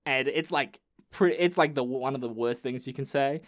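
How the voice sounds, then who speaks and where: A man's voice: medium pitch, moderate pace, fairly bright tone. A young man tells a story as a podcast host, in a loose, profane, jokey way with many restarts. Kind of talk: casual storytelling chat.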